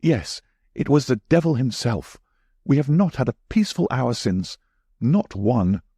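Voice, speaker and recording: A man voicing a careworn young gentleman who speaks urgently and with anguish. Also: mid-range voice, very animated, unhurried, slightly rough, no echo, studio quality, pitched above the performer's own voice, heavily acted. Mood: distraught.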